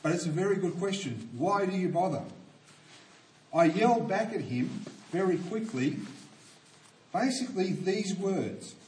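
A man's voice: sits high, animated, a little slow, darkish tone. An older man preaching a sermon, praying and telling a story in an earnest, emphatic way. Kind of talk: sermon with opening prayer. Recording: roomy echo from a distant mic.

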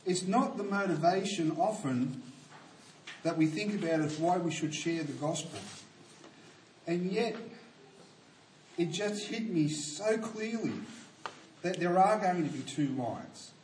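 A man's voice: sits high, measured pace, pauses often, a little mellow, a little hiss or hum. An older man preaching a sermon, praying and telling a story in an earnest, emphatic way. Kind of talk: sermon with opening prayer. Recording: roomy echo from a distant mic.

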